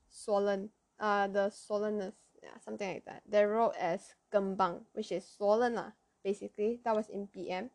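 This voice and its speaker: Teen girl, Malaysian Chinese accent, podcast host, slow and halting, giggly, dry close mic. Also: mid-range voice, no echo. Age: teens. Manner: halting, searches for words, giggly. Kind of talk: casual solo podcast.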